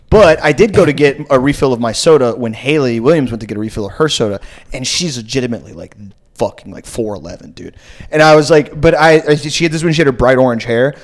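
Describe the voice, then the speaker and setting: A man on a comedy podcast, telling a long story in a loose, rambling way. He swears often and fills his speech with "like", and his voice sits at an ordinary middle pitch for a man. He sounds like he is talking into a studio mic. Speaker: podcast host. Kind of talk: casual comedy podcast chat.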